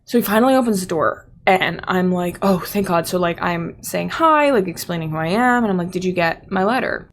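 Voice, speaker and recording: A woman's voice: on the low side, expressive, brisk, few pauses, a little hiss or hum. A young woman hosting a podcast, telling a personal story in a chatty way, full of "like" fillers. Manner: chatty, lots of "like" fillers, quotes others in her own voice. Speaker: podcast host. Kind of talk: casual storytelling.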